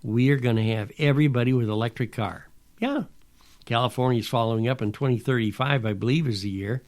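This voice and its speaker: A man's voice: mid-range voice, fairly quick, darkish tone. A man hosting a podcast in a rambling, folksy monologue with sarcastic asides. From Pacific Northwest. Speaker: podcast host. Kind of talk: casual monologue.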